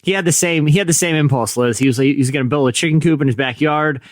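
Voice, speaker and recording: A man's voice: a little high, fast, dry recording. A man hosting a podcast, joking and telling a playful story in casual chat. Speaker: podcast host.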